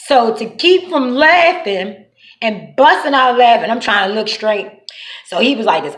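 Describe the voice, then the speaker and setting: A woman's voice: on the high side, unhurried. Dc-woman telling crazy stories, cussing, voice bouncing all over, echoey room. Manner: animated, profane, slangy. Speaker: vlogger. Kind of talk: casual storytelling.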